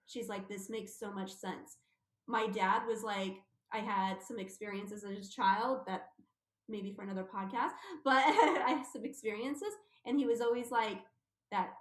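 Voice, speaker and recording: A woman, a guest on a radio talk show, telling her story with lively acted-out quotes. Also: mid-range voice, roomy sound. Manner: animated storyteller, acting out quotes. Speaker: guest, intuitive medium. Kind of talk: casual radio interview.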